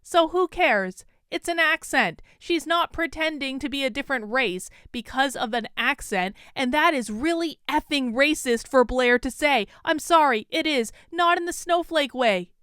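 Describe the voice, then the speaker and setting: A woman's voice: high voice, lively intonation, moderate pace, few pauses, fairly bright tone, no echo, clean studio sound. A woman from Vermont with a Vermont accent, giving indignant, emphatic video commentary on an online feud. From Vermont, USA. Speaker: commentary YouTuber.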